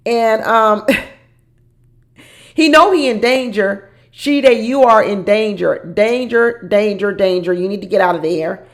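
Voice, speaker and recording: Gravelly woman recapping reality TV. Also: medium pitch, slow pace. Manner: animated, dramatic, laughs while talking. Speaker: reality TV commentator. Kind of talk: casual recap commentary.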